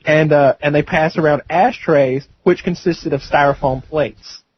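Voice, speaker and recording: A man's voice: on the high side, a little slow, husky, dull audio. A young man co-hosting a podcast, telling a long rambling story with bursts of laughter. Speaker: podcast co-host. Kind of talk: casual storytelling.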